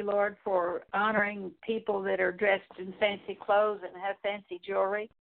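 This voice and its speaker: A woman leading a spoken prayer of confession, pleading in halting, repetitive phrases with pauses. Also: mid-range voice. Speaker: prayer leader. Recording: tinny phone-like sound.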